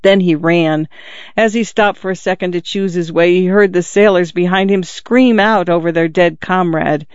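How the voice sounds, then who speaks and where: A man reading a literary story aloud in a measured, steady way. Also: high-pitched, clear, resonant tone, no room sound. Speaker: narrator. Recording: dull, dry, slightly lo-fi recording.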